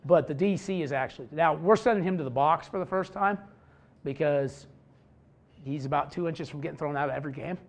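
A man explaining his defensive scheme like a football coach at a clinic, blunt and quick with a joke. His voice sits a little high for a man. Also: gravelly. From Idaho, USA. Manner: blunt, joking, animated storytelling.

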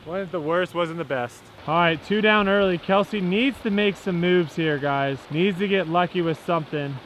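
A man's voice: sits high, moderate pace, a bit bright. Joking man calling mini golf like a sportscaster. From Southern United States. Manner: joking sportscaster-style play-by-play. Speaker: vlog host. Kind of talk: playful golf commentary. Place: outdoor mini golf course. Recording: dull lo-fi outdoor audio with faint noise.

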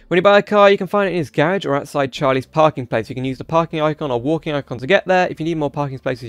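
A man's voice: mid-range voice, clean tone, dry recording. A man giving first-impressions commentary on a racing sim, reading the game's text aloud and often stumbling over the words. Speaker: gaming YouTuber.

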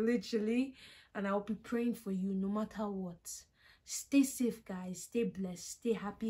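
A young woman vlogger speaking earnestly and warmly to her viewers, retelling scripture in her own words. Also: mid-range voice, normal speed. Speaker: accounting vlogger. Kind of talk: casual encouraging talk to camera.

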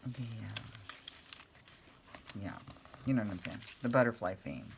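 Low-voiced chatty woman crafting. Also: expressive, measured pace, gravelly, noisy background. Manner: rambling, chatty, talks to her cat. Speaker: craft vlogger. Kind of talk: casual crafting chat.

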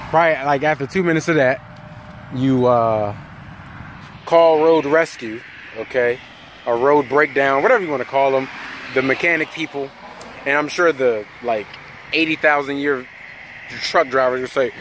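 A man's voice: medium pitch, expressive, a little slow, long pauses, fairly bright tone, slight background noise. A man who drives a truck, talking casually and jokingly into his phone outdoors, rambling. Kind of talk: casual vlog monologue. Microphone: phone held by hand.

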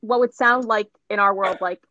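A woman's voice: mid-range voice, fairly even intonation, normal speed, bright, forceful tone, no room sound, highs cut off. A woman playing a tabletop game, chatty and hesitant as she talks through her moves. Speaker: player.

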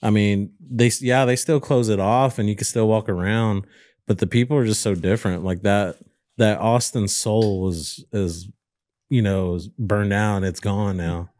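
A man with a low-set voice talks slowly and reflectively. He is a podcast host in casual conversation with his guest. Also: fairly even intonation, darkish tone. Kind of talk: casual chat.

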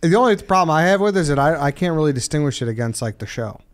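A man's voice: on the high side, animated, very fast. A man hosting a casual podcast, keeping the conversation moving in an easygoing way. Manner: easygoing, moves the conversation along. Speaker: podcast host running a draft.

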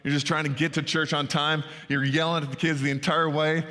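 A pastor's voice, on the high side, level, a little fast, pushed and bright, carries through a reverberant church sanctuary. His sermon is conversational, sprinkled with "right?" to check in with the congregation.

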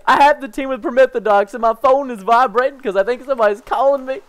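A gaming YouTuber delivers excited gameplay commentary in a very high-pitched voice at a quick pace. He's excitable, swinging between hushed asides and loud yelps.

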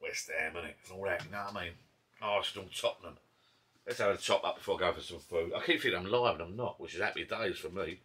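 Recorded on a camera mic, an Essex vlogger with a local accent rambles over beers in his garden pub shed, chatty and interrupting his own thoughts. His voice is low-pitched, sharp and slightly rough, and he talks at a quick pace.

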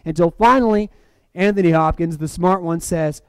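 A male preacher with a high voice delivers a sermon. He swings from loud, emphatic lines down to hushed, dramatic drops. The sound is dry, with little room echo. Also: normal speed, clear, resonant tone. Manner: acts out movie quotes. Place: church.

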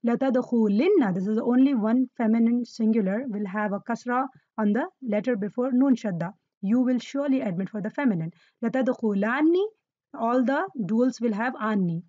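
A woman's voice: on the high side, moderate pace, warm tone, no room sound, highs cut off. A woman teaching Arabic grammar to learners, patiently repeating key words and quizzing her listeners. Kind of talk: explaining Quranic Arabic grammar.

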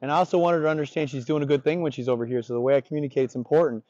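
Blunt, mellow-voiced dog trainer man. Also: fairly high pitch, fairly even intonation, racing, a little hiss or hum. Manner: blunt, profane, confident explaining. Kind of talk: casual on-the-job instruction. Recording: dull lo-fi recording.

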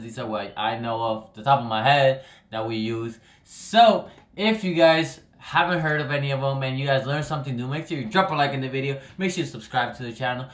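A man's voice: mid-range voice, fairly bright tone. A young Dominican man, talking to the camera in a loose, rambling vlog and trailing off at the ends of his phrases. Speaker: vlogger. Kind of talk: casual vlog explainer. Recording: echoey room.

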